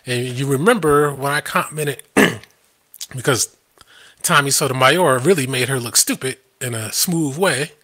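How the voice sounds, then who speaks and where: A man's voice: mid-range voice, measured pace, a bit bright. A man hosting a live stream, ranting in a combative, scoffing way and laughing at his own points.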